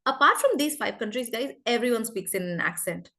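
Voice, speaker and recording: Woman, forties, from India, English teacher, online class, video call, lively, encouraging, slightly high voice. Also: fairly quick. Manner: lively, encouraging, addresses students often.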